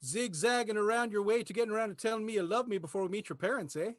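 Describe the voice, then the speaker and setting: A man's voice: high-pitched, rapid-fire, no echo, close to an everyday voice. A man playing a Canadian boyfriend in an improv scene, short replies that end in "eh". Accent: Canadian put-on. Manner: terse, ends lines with "eh". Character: laid-back Canadian boyfriend, a Mountie type. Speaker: improv performer.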